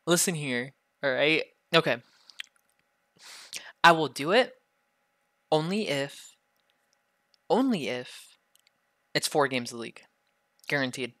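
A young man with a sore throat from illness voices a bratty, foul-mouthed ASMR role-play, teasing and bargaining as he talks. His tone is bright and forceful. The sound is close and dry, with no room echo. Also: on the high side, expressive, slow pace, pauses often. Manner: bratty, teasing, heavy swearing.

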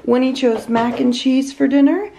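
A woman in her thirties with a Californian accent, softly and affectionately talking through her family's day in a casual home vlog. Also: high voice, moderate pace, gravelly, a little hiss or hum. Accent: Californian English. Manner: soft, affectionate, talks through plans. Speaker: vlogger mother.

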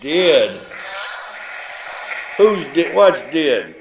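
A man's voice: on the high side, sing-song, drawn-out words. Brash man taunting ghosts. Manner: brash, mocking, provoking. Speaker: paranormal investigator. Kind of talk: taunting spirits on a ghost hunt vlog. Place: inside an abandoned church. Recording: echoey empty building, background noise.

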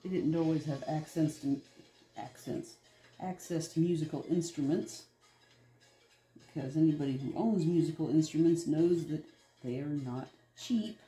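A man hosting an art video talks casually as he creates, drifting from subject to subject. He speaks at normal speed in a fairly high voice with a dark tone. There's roomy echo and quiet background music.

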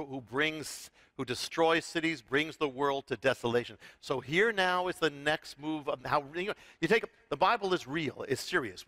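A middle-aged rabbi is speaking on a talk show, telling Bible prophecy as a lively story. His voice is bright and a little high, and he restarts and repeats words as he goes. The sound is dry and close to the mic. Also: no echo. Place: TV studio with audience.

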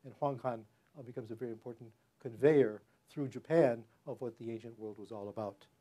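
An older man gives a public academic lecture in a hall, his speech hesitant and broken by many fillers and false starts. The voice is mid-range and mellow.

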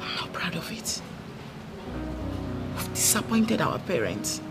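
A solemn eldest princess with a Nigerian accent, played by a woman. She apologizes at a measured, middle pitch in a film drama. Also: animated, over loud music, natural voice. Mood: remorseful. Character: remorseful eldest princess sister.

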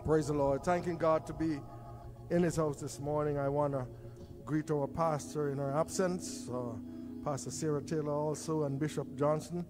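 A man giving church announcements, slow and repetitive, dropping in praise phrases and repeating key dates for emphasis. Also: on the high side, steady tone, over music. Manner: frequent praise interjections. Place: church sanctuary. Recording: reverberant church hall.

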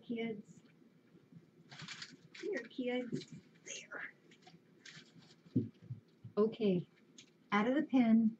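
A woman talking to her pets in a soft, cooing, baby-talk manner. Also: medium pitch. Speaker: pet owner talking to her animals. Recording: dull lo-fi home recording with clear background noise.

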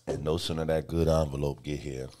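A middle-aged streamer and music video director talks in a rumbling low, darkish voice, brisk and level, with no echo. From his home studio he chats casually, boasting, joking, swearing, and drifting loosely between stories.

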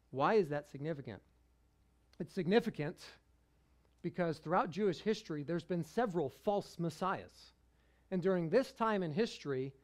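A male pastor preaching a sermon in a conversational way, often chuckling. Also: fairly high pitch.

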